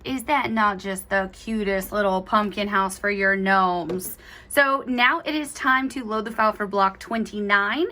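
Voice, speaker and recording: A woman's voice: medium pitch, unhurried, pushed and bright. A woman giving a chatty, enthusiastic step-by-step embroidery tutorial, gushing over cute details. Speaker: embroidery instructor.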